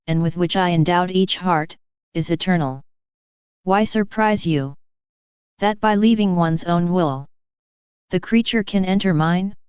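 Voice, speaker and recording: Casting: a woman voicing a tender, solemn divine man, low and silky-clear, in a dull, dry lo-fi recording. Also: a little mellow, dry recording, natural voice. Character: gentle sorrowful male divine speaker, man.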